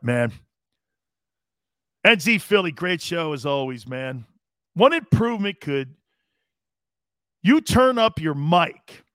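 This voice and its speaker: Man, sports talk host, high voice, dry close sound, rowdy and jokey, live stream chat. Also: dry recording. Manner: animated, joking, profane, quick to laugh. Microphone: studio mic he adjusts himself.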